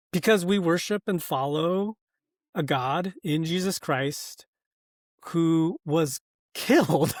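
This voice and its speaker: A man's voice: on the high side, dry recording, clean studio sound. Earnest, thoughtful American man. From United States. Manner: thoughtful, earnest, many fillers and restarts, laughs often. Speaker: pastor and author, guest. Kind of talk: conversational podcast interview.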